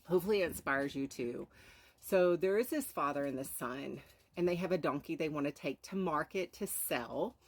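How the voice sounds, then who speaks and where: A woman's voice: sits low, normal speed. A woman hosting a live stream, earnestly telling a moral story and sprinkling in rhetorical "right?"s. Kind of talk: inspirational storytelling talk.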